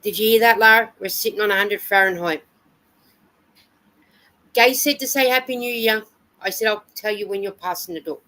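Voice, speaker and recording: A woman's voice: medium pitch, moderate pace, long pauses, pushed and bright, low-quality recording. An Australian woman hosting a live stream, chatting casually and reading out viewer comments and weather reports. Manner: chatty, reads comments and weather aloud with fillers.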